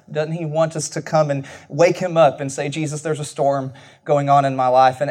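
A man's voice: a little high, darkish tone. A man preaching a conversational sermon, casual and self-deprecating, with frequent restarts and asides.

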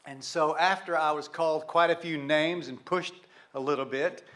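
Older preacher guy, kinda high voice, chatty sermon, lots of questions to the crowd. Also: steady tone, moderate pace, a bit bright. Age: 60s. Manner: conversational storytelling with rhetorical questions. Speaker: pastor.

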